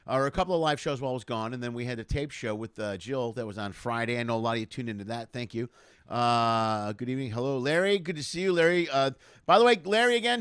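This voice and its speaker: A middle-aged man talks quickly and loosely into a home webcam, spinning comic stories about life on the road. He rambles from one aside to the next with an animated, chatty delivery. The sound is close and dry, with no room echo. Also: fairly high pitch, clean tone. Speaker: comedian hosting a livestream show. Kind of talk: casual stand-up storytelling. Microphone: home webcam setup.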